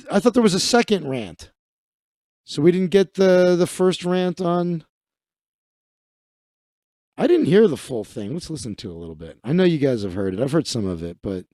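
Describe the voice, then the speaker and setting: A man's voice: mid-range voice, warm tone, dry recording, clean studio sound. A man hosting a comedic live stream, reading news aloud with sarcastic, profane asides. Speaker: host.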